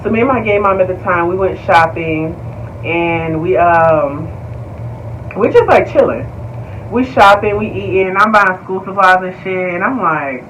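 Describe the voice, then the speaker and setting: A young man tells his story straight to his viewers, animated and slangy, peppered with swearing and y'all. His voice sits high. The mic is a bit far off, with faint noise behind him. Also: normal speed, muffled recording. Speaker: vlogger. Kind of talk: casual storytime vlog.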